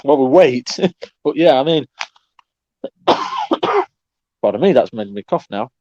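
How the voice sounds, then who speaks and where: A man co-hosting a casual podcast chat, animated, who exclaims often and laughs readily. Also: medium pitch, unhurried, dry recording, lo-fi sound. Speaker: podcast co-host. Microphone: online podcast recording app.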